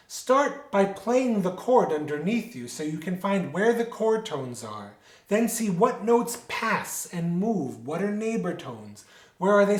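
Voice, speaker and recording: Man teaching music in a roomy space. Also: fairly high pitch. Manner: explanatory, poses rhetorical questions and answers them. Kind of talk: instructional lecture. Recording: roomy echo.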